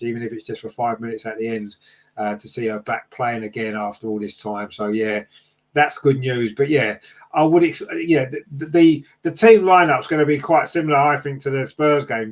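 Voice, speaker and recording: A man hosting a casual fan podcast, reading out live chat comments and answering them with lots of fillers and tag questions. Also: medium pitch.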